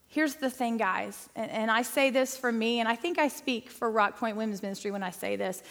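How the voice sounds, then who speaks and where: A woman's voice: a little high, normal speed, creaky, hardly any pauses, fairly bright tone. A woman speaking to a church group in a chatty, emphatic teaching style, often calling the audience guys and y'all. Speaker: women's ministry speaker. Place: church hall. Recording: long hall reverb.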